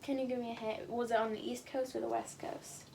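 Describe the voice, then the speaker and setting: Young co-host, casual podcast chat, playful unsure guesser, slightly high voice, faint hiss. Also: female voice, little pitch movement, a little fast, gravelly, warm tone.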